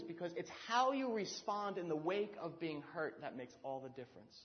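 A pastor telling a story and preaching a sermon to a congregation, animated and lively, addressing them directly. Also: male voice, fairly high pitch, muffled recording. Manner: storytelling, animated, asks the congregation to call out answers. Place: church hall before a live congregation.

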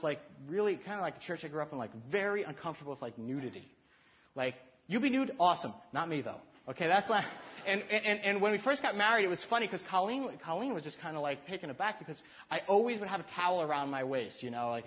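A man's voice: fairly high pitch, highs cut off. A man in his thirties giving a heartfelt talk on marriage, earnest and self-deprecating, stumbling into restarts. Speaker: speaker to married couples.

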